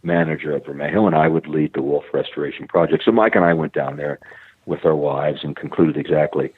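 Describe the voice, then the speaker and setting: Middle-aged man, very low voice, husky tone, dry narrow phone-line sound, storytelling guest. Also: no room sound. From United States. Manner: repeats words often, acts out quoted voices. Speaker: guest, conservation biologist. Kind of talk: storytelling in a podcast interview.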